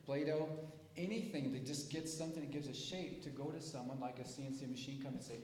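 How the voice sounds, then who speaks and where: A man who grew up on a dairy farm, speaking to an inventors' meeting in a folksy, animated storytelling way, acting out voices. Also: mid-range voice, fast, a little hiss or hum. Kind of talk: storytelling presentation. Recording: echoey hall, live stream.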